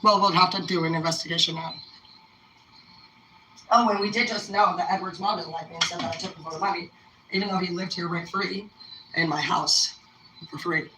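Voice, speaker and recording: A woman's voice: lowish voice, fairly even intonation, fairly quick, pauses often, bright, forceful tone. A young woman telling rambling, profane personal stories in a casual, laid-back way. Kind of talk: casual storytelling. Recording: roomy echo, mic at a distance, faint noise.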